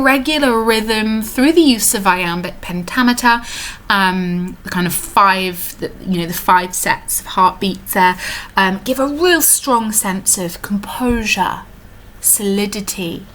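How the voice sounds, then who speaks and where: A woman's voice: medium pitch, a bit bright, a little hiss or hum. Teacher woman explaining a poem. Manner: explains step by step, many fillers, reads lines slowly. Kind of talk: recorded lesson on a poem.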